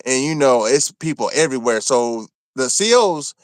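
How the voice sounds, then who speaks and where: A man from Maryland telling a rough story from his time in prison, cursing freely and acting out what people said. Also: mid-range voice, moderate pace, no room sound. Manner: animated, profane, acts out quotes. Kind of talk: casual storytelling.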